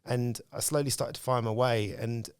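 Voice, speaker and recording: A man's voice: medium pitch, fairly even intonation, normal speed, smooth, no room sound. A man, speaking as a podcast guest and telling candid stories about his own life in casual conversation. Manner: candid storytelling, reflective.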